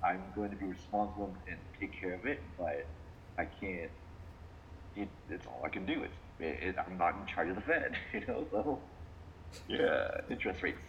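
A man co-hosting a podcast in casual chat, halting and laughing as he talks. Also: lo-fi sound. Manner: halting, laughing, lively swings in pitch. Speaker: podcast co-host.

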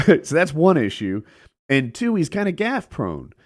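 A man chatting casually about politics on a podcast, animated and laughing easily. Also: on the high side, unhurried. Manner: animated, laughs often, trails off.

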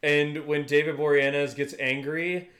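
A man's voice: a little high, flat delivery, a little slow, a bit bright, roomy sound. A man co-hosting a podcast in a casual chat, rambling and restarting his sentences, often breaking into laughter. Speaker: podcast co-host.

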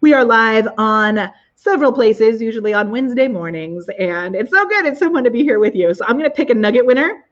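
A woman's voice: fairly high pitch, animated, fairly quick, few pauses, dull audio. A woman hosting a casual live video show from her living room, bubbly and exclamatory, gushing over her viewers. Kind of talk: casual live-stream chat.

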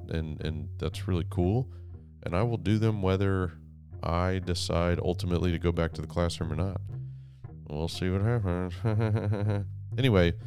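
A man hosting a podcast, rambling and self-deprecating, talking quietly in a home office. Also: low voice. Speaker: podcast host. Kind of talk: casual monologue. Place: wife's office, speaking quietly.

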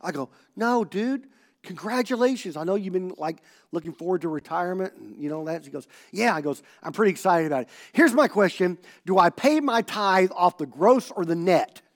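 A man preaching a sermon as pastor, telling a story and acting out the dialogue, swinging from loud bursts to hushed tones. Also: sits high, animated, brisk, few pauses.

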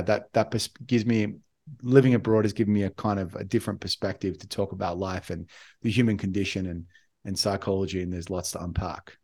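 A man's voice: deep voice, darkish tone. A man in his forties with an Australian accent, co-hosting a podcast and talking casually about himself in a rambling, reflective way. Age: 40s. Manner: rambling, reflective, with frequent restarts. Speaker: podcast co-host. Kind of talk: casual conversation.

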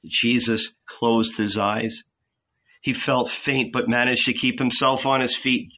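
A man's voice: medium pitch, steady tone, sharp tone. A man giving a dramatic narration of a novel as an audiobook reader. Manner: dramatic, slow.

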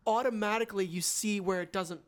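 A woman's voice: medium pitch, brisk. A woman co-hosting a casual podcast chat, frank and opinionated, speaking with emphasis. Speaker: podcast co-host.

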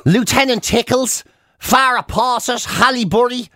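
A man with an Irish accent, clearly on the higher side, hosts a radio show with a playful, joking manner. His talk rambles from one gag to the next. He is recorded close and dry in a studio. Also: a little slow, sharp tone, no echo. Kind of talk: casual comedic banter.

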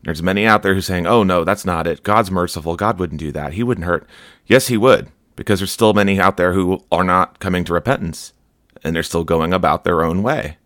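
Deep-voiced earnest podcast preacher man. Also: brisk, fairly bright tone, no echo, clean studio sound. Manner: earnest, warning, many "you know" fillers. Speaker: podcast host. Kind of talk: informal preaching commentary.

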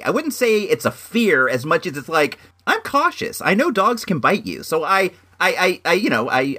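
Young man, casual storytelling, rambling with restarts, bright voice, lively pitch. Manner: rambling, restarts often, animated. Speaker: vlogger.

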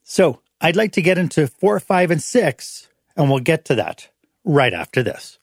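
Animated man, husky, close and dry. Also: fairly high pitch, measured pace, no room sound. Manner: animated, acts out little dialogues in changed voices. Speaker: host. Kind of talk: motivational management talk.

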